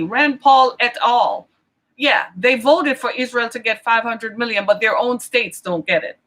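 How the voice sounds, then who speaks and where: A woman's voice: high voice, pushed and bright. A middle-aged woman from Michigan delivering an impassioned political rant, full of indignant rhetorical questions and exasperation. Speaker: vlogger.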